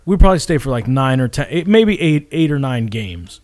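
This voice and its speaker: A young man from Florida, co-hosting a podcast, tells a rambling story in a medium-pitched, slightly fast voice. He's animated and swears a lot, acting out other people's lines with shouts.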